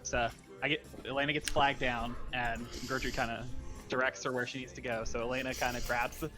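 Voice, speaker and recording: A man's voice: medium pitch, flat delivery, fairly quick. Joking man playing a tabletop game. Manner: joking, banter. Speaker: player. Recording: voice over call with loud game music.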